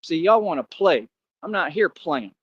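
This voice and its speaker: A man's voice: a little high, animated, normal speed, slightly rough, no room sound. Defiant man, rambling monologue. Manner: defiant, preachy, repetitive. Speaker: streamer. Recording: dull lo-fi sound.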